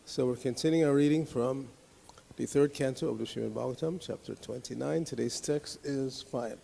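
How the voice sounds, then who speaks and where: A man's voice: mid-range voice, moderate pace, vocal fry, dark tone, in a large hall, slight background noise. A man leading a scripture class, chanting verses line by line and patiently explaining and correcting the pronunciation. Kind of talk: leading a scripture reading with call-and-response chanting.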